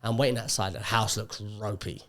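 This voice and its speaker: A man, a podcast guest telling a story in casual chat, animated and acting out what people said. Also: on the low side, a little fast. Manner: animated storyteller, acts out quotes.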